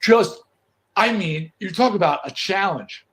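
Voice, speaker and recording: A middle-aged man chatting as a guest on a video call, telling lively stories with frequent restarts. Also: sits high, unhurried. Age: middle-aged or older. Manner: animated storyteller, frequent restarts. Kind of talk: casual chat.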